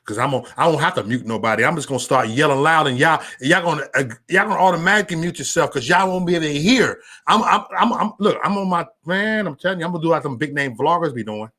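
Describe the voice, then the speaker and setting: A man ranting on a casual livestream, loud and profane, stammering and restarting, talking straight to viewers by name. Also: on the high side, fast talker, few pauses. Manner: chats directly with viewers by name. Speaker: livestream vlogger.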